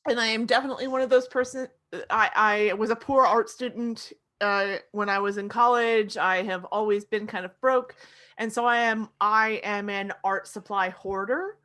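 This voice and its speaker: A woman co-hosting a comedic podcast, chatting in an exuberant, jokey way with sudden excited yelps. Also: mid-range voice, normal speed. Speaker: podcast co-host. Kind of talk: comedic casual chat.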